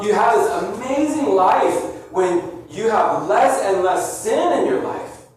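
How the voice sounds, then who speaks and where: A middle-aged man preaches a sermon, telling a loose, slangy story with plenty of restarts. His voice sits a little high. It sounds distant and echoey in a church hall with faint noise behind him. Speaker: pastor. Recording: roomy echo heard from a distance.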